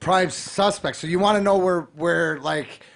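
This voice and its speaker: A man's voice: sits high, unhurried, gravelly, fairly bright tone. A man hosting a podcast, asking rambling questions in casual chat. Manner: rambling, restarts his questions. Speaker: podcast host.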